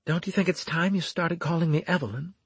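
A man voicing a young female specialist who speaks softly and coaxingly in an audiobook. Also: fairly low pitch, fairly quick, husky, no echo, pitched above the performer's own voice. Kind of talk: audiobook character reading.

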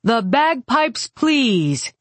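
An upbeat male mage commander bellows encouragement over the din, pitched high and very loud, carried from a distance, as a woman narrator puts him on. His orders ring out formal and relentlessly cheerful. The read is dry and close, with no room around it. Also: very animated, drawn-out words, no echo, full character voice.

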